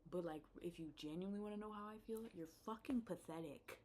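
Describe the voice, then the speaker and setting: A woman's voice: fairly low pitch, brisk, darkish tone, a little hiss or hum. A young woman telling a storytime rant about dating in a casual vlog, blunt and profane, trailing off into mutters and then flaring into exasperated outbursts. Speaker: vlogger.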